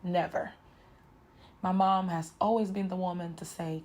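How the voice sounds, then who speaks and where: A woman's voice: lowish voice, steady tone, measured pace, darkish tone. A woman in her twenties telling a painful personal story to her viewers, frank and emotional, often addressing them directly. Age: 20s. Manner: emotional, frank, talks straight to viewers with "y'all" and "you know". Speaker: vlogger. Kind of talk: candid personal story told to camera.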